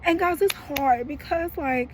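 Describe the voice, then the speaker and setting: A woman's voice: high-pitched, unhurried, noisy background. A woman in her thirties talking frankly to her viewers in a personal vlog, emotional and slangy, with a frustrated edge. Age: 30s. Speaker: vlogger.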